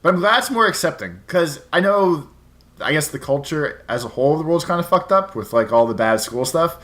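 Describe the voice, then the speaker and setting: A man's voice: fairly high pitch, expressive, brisk, fairly bright tone. A man in his thirties co-hosting a podcast, chatting casually with joking, profane banter. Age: 30s. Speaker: podcast co-host.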